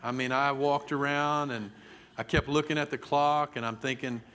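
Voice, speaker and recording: Preacher, middle-aged man, sermon storytelling, mid pitch, dramatic delivery. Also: fairly even intonation, normal speed, a bit bright, a little hiss or hum. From Texas. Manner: vivid, dramatic storytelling with acted-out quotes.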